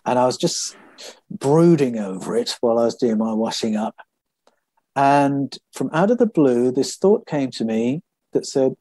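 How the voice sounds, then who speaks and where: A man's voice: mid-range voice, expressive, unhurried, warm tone, slightly rough, dry recording. A man being interviewed as an author, telling personal stories in a reflective, thoughtful way. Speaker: author guest. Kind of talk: podcast interview.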